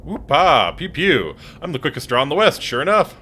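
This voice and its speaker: A man's voice: mid-range voice, fast talker, a bit bright, slight background noise, close to an everyday voice. A man voicing a boisterous old-West cowboy with folksy slang. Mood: rowdy.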